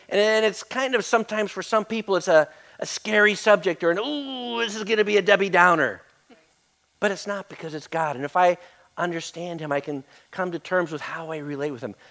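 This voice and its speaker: A man preaching a conversational sermon as a pastor in church, often repeating words and swinging between soft and loud. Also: high-pitched. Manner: conversational, repeats words, varies loudness widely. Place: church sanctuary.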